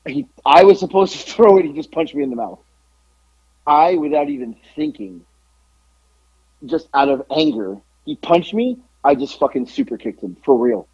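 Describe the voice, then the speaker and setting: A man telling wrestling stories in a casual podcast chat, profane, jumping into loud voices when quoting people. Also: fairly high pitch, moderate pace, husky, dry recording, lo-fi sound. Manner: animated, profane, acts out quotes in raised voice. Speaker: podcast guest, former pro wrestler. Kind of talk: casual storytelling.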